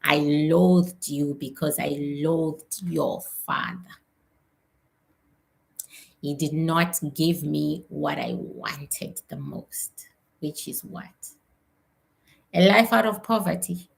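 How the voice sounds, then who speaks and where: A woman medium voicing her late mother's spirit, who confesses resentment in a low, slow and gravelly voice. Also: very animated, full character voice. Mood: bitter confession.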